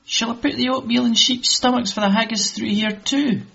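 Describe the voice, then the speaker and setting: A Scottish man voicing an eager young nephew in a short story reading, lifting his voice high and boyish. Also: steady tone, moderate pace, gravelly, sharp tone, exaggerated voice. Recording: dull lo-fi recording.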